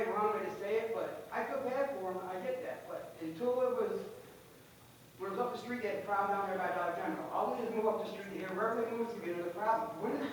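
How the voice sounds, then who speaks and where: A man speaking as a resident at public comment in a council meeting, agitated and emotional, restarting his sentences. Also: high-pitched. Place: council chamber. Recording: far-off mic in an echoey chamber, faint noise.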